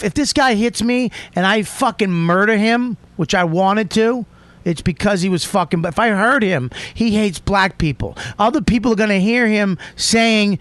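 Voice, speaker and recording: A man hosting a podcast, telling a heated story in a profane, emphatic way that keeps swinging into shouting. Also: high voice, no echo. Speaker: podcast host.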